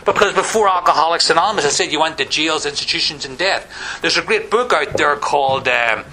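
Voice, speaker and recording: A middle-aged man from Northern Ireland tells his own story in a wry, rambling way, dropping "you know" again and again. His voice sits a little high for a man. A clear hiss of noise runs under the whole recording. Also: fairly quick, sharp tone, rough recording. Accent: Northern Irish. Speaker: recovery meeting speaker. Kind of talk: personal testimony talk.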